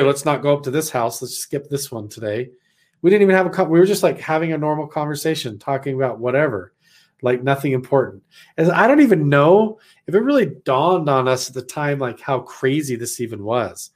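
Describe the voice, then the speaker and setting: A man from Idaho telling a personal story about his missionary days in a casual, animated way, full of "like" fillers. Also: medium pitch. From Idaho, USA. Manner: animated, rambling, heavy on "like" fillers.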